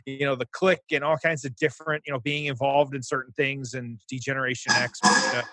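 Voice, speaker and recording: A man's voice: medium pitch, level tone, brisk, very noisy. A man co-hosting a podcast in upbeat casual chat, rambling with many fillers. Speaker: podcast co-host.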